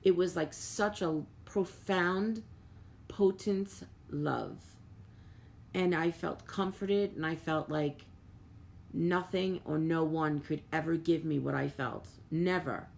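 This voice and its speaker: A middle-aged woman medium hosts a live stream, speaking earnestly to viewers with plenty of "like" and repeated words. Her voice is low and creaky, and she talks slowly. She reads viewer comments aloud and thanks people by name.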